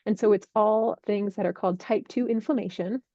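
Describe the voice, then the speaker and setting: A woman working as a healthcare investment analyst, clearly and methodically explaining drug industry developments. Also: mid-range voice, steady tone, a little fast, dark tone, no echo, dull audio.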